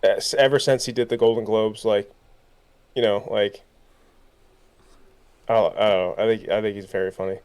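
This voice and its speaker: A man's voice: on the low side, fairly even intonation, moderate pace, pauses often, a little mellow, clear, resonant tone. A young man co-hosting a podcast, talking in a loose, rambling way with many fillers and restarts. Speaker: podcast co-host. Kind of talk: casual chat.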